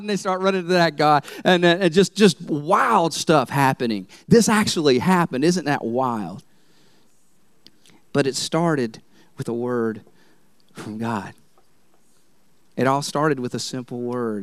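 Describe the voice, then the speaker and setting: A male pastor preaching a sermon in church, telling the story in an animated way and laughing often. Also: on the high side, measured pace, long pauses, dry recording, studio quality.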